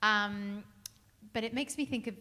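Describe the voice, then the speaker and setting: A woman's voice: medium pitch, a little slow, bright, forceful tone. A woman from England, a jazz singer chatting and joking with the audience between songs on a club stage.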